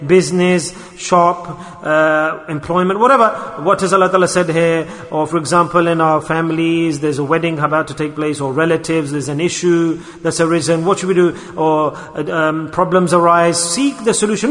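Man, sermon, high voice, long hall reverb, rhetorical questions, arabic terms mixed in. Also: fairly even intonation, moderate pace, hardly any pauses, fairly bright tone. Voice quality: mixes Arabic and Urdu religious terms into English. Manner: exhorting, with many rhetorical questions. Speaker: preacher.

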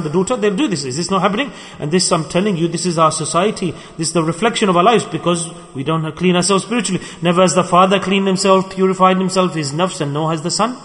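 High-voiced man preaching in a reverberant hall. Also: a bit bright. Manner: emphatic, questions the audience and demands call-and-response. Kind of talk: sermon.

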